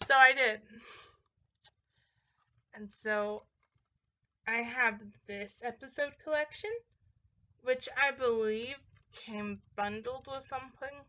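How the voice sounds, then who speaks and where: Chatty young woman rambling on camera, lots of ums, bright and kinda high voice. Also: slow pace, pauses often. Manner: rambling, chatty, with frequent fillers and laughs. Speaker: vlogger showing a movie collection. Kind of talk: casual chat.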